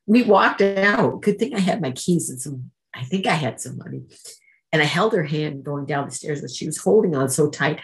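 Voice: medium pitch, expressive, normal speed, vocal fry, low-quality recording. A speaker from Canada gives an emotional personal testimony at a recovery meeting, acting out remembered voices while telling the story.

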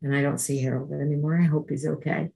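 Low-voiced woman sharing her recovery story. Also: fairly even intonation, fast, gravelly, mellow, a little hiss or hum, low-quality recording. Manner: earnest, conversational storytelling that acts out quoted exchanges. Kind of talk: personal testimony at a recovery meeting.

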